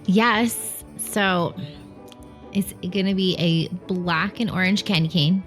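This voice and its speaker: Here a podcast co-host, a woman, talks films in a relaxed way, bossy and teasing but clearly having fun and brimming with excitement. She has a lowish voice and takes her time, with soft music playing in the background.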